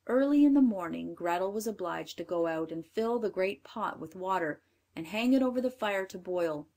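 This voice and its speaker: A woman narrating a fairy tale aloud, with measured, expressive storytelling. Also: mid-range voice.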